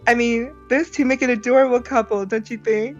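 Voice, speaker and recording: A woman's voice: on the high side, fairly even intonation, brisk, lo-fi sound, faint music behind. A woman reading visual novel dialogue aloud with friends, with playful, teasing line reading.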